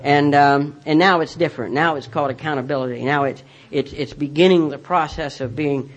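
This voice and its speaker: A man's voice: a little high, a little fast, lo-fi sound. A man telling a personal recovery story in a rambling way, full of restarts and self-mocking humor. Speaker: speaker sharing his recovery story.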